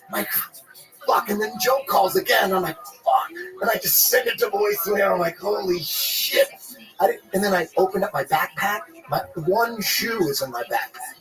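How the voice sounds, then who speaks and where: A man telling a rambling, profane story in casual podcast chat, animated and full of restarts. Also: high voice, brisk, hardly any pauses, music in the background, rough recording.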